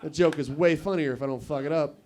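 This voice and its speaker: A man's voice: a little high, fast talker, darkish tone. A young man from Nevada performing a stand-up set at a comedy club, rambling and offhand, with asides to the crowd. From Nevada, USA. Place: comedy club stage with live audience.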